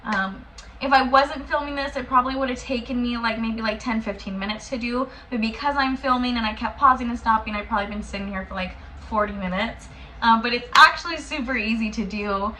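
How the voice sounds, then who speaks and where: A woman's voice: a little high, brisk, pushed and bright, slight background noise. A young woman vlogger talking casually to the camera in a chatty, effusive way, indoors at home. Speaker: beauty vlogger.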